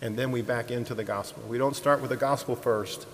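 A ministry leader tells a sermon-style story to a congregation in a brisk, medium-pitched voice, animatedly acting out the voices of people he quotes and laughing easily. He often restarts and repeats words. There's long hall reverb and faint hiss.

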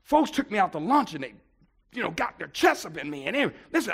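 A middle-aged pastor from Buffalo, New York, telling a personal story in a sermon and swinging between loud outbursts and hushed asides. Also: male voice, high voice, very animated, brisk, creaky, breathy edge.

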